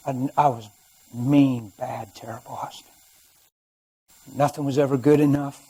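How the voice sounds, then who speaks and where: A man preaches a sermon in a husky voice. He tells a personal story and moves between quiet, hushed stretches and loud, emphatic ones. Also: mid-range voice, fairly even intonation, unhurried, long pauses, poor audio. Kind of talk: sermon testimony. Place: church or studio.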